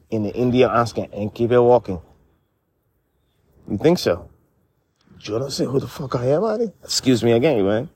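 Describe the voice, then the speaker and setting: A man's voice: fairly quick, husky. A man talking in a rambling, joking monologue, cursing and laughing as he goes. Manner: animated, jumps into shrill mock voices, laughs, curses. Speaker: vlogger.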